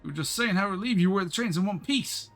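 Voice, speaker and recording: A man reading game dialogue aloud in a folksy drawl, voicing a gruff, determined railway chief. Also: high-pitched, animated, fast talker, a bit bright, faint music behind, pitched above the performer's own voice. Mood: rousing.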